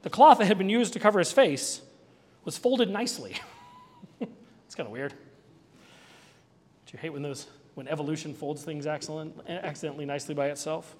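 A male pastor giving an Easter sermon in a conversational, animated way, with asides and small jokes. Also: fairly high pitch, normal speed, pauses often, in a large hall, slight background noise.

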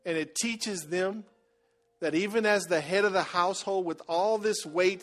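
A middle-aged man preaching a sermon, dropping to a quiet confessional murmur and then building to loud exhortation. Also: high voice, normal speed. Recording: soft music behind.

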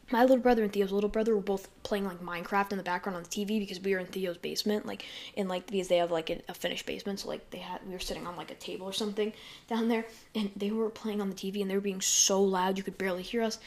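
A woman chatting on her own podcast at an ordinary, mid-range pitch. She wanders from point to point with plenty of "um"s and restarts. She is recorded on a desk mic in her bedroom. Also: steady tone, fast talker, a little mellow. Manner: rambling, full of fillers and self-corrections. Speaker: podcast host. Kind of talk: casual solo podcast chat.

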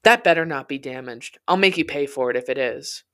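A woman's voice: sits low, fairly even intonation, takes it slowly. A narrator voicing a bitter, accusing young woman who speaks in a cold, blaming way.

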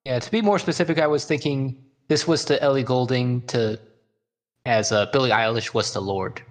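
A man's voice: mid-range voice, moderate pace. A man co-hosting a podcast, chatting casually about songs with many fillers and jokes. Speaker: podcast co-host. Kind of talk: casual music chat.

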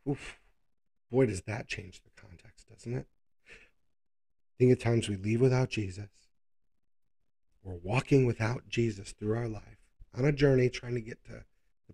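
Gravelly husky man teaching scripture. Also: mid-range voice, darkish tone. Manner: conversational, reflective, reads scripture aloud. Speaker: Bible study host. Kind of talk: live Bible study teaching.

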